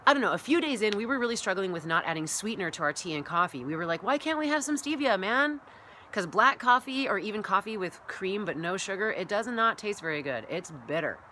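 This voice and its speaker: A woman's voice: mid-range voice, lively intonation, quick pace, few pauses, pushed and bright, a little hiss or hum. A woman vlogging as a wellness coach, rambling and chatty, often acting out her own past thoughts. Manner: rambling and chatty, full of "like" and "you know". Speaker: massage therapist and wellness coach. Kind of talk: casual vlog monologue.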